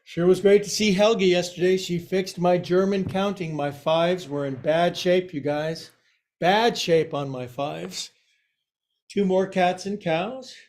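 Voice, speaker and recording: A man's voice: high-pitched, slow, darkish tone. A man teaching a yoga class and guiding poses with a playful, joking manner.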